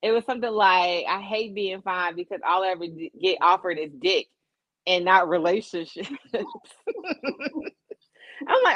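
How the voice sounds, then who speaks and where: A woman's voice: fairly low pitch, steady tone, normal speed, pauses often, a bit bright, no room sound, highs cut off. A woman co-hosting a podcast, chatting casually in a candid, self-deprecating way. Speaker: podcast co-host. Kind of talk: casual chat.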